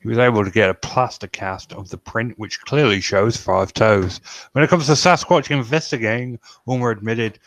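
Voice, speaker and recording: A man's voice: medium pitch, moderate pace, a bit bright, dry recording. A man hosting a podcast, reading news aloud and adding wry, sweary asides. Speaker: podcast host.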